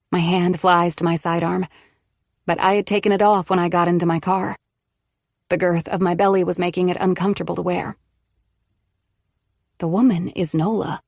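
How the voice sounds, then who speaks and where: A woman narrating a first-person audiobook in a steady, measured way. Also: on the low side, no room sound, studio quality.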